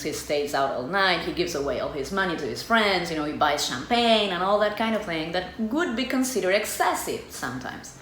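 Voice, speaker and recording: A middle-aged woman with an Argentine Spanish accent, talking in English as a tango teacher in a casual vlog. She is chatty and expressive, and she acts out small scenes with her voice. Her mid-range voice rings in an echoey room with faint ambience behind it. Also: mid-range voice, moderate pace, slight background noise. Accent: Argentine Spanish (porteño). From Argentina, Buenos Aires.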